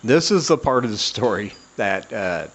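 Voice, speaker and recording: A man's voice: lowish voice, animated, normal speed, fairly bright tone, slight background noise. A man hosting a comedy podcast, telling a self-deprecating personal story in a rambling way, with many "uh" fillers. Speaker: podcast host.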